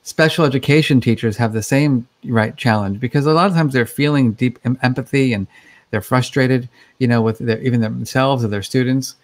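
A man's voice: mid-range voice, brisk. A man speaking as a guest expert in a conversational interview, explaining things in a chatty way with many fillers.

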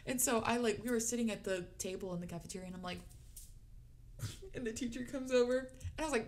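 A young woman co-hosting a casual chat, telling childhood stories in a lively way and acting out what people said. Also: sits high, moderate pace. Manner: animated storyteller, acts out quotes. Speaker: podcast co-host.

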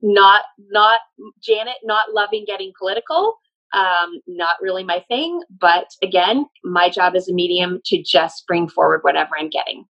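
A woman's voice: on the low side, normal speed, a bit bright, highs cut off. A woman working as a medium, relaying messages in a casual, emphatic way. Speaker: medium channeling a spirit. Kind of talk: casual spoken channeling session.

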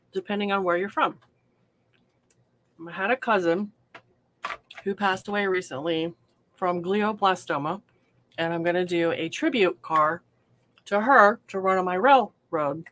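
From her hobby room, a woman with a medium, slightly bright voice runs a relaxed crafting livestream. Her chatter is self-mocking and punctuated by frequent laughter.

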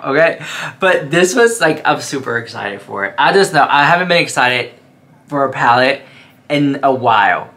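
A man vlogging about makeup in a sassy, dramatic, gushing way, calling his viewers "girl". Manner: gushing, excitable, with sudden pitch jumps. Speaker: beauty vlogger. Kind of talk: casual commentary to camera.

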